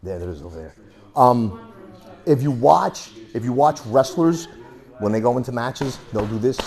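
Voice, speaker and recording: A man's voice: medium pitch, expressive, normal speed, darkish tone. A man instructing a martial arts class through a worn mic, telling stories and punching out sound effects as he demonstrates moves. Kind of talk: teaching a class. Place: training room.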